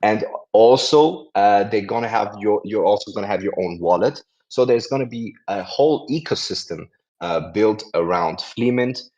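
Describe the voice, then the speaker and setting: A man with a fairly low voice hosts a casual community event, rambling and correcting himself as he goes. The audio is dull and lo-fi, as if from a modest microphone. He keeps a friendly, chatty flow with frequent restarts. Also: moderate pace, a little mellow. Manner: chatty, rambling, self-correcting, laughs often. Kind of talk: casual chat and introduction.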